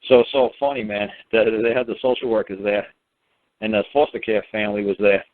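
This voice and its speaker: Brief: man calling in, low voice, rambling, swears freely, dry tinny phone line. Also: steady tone, brisk, dry recording. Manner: rambling and profane, many fillers and restarts. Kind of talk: casual spoken storytelling.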